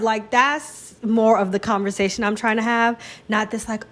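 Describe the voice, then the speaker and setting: A woman's voice: a little high, fairly even intonation, moderate pace, fairly bright tone. A young woman hosting a casual solo talk show, chatty and self-deprecating, jumping into exaggerated voices when she quotes people. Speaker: podcast host.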